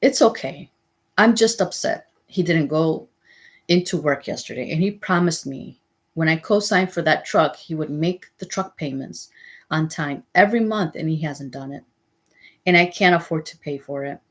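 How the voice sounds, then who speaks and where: A woman reading as an upset, low-voiced mother. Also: normal speed, close to an everyday voice. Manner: plain, tired and upset. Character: worried struggling mother, adult woman.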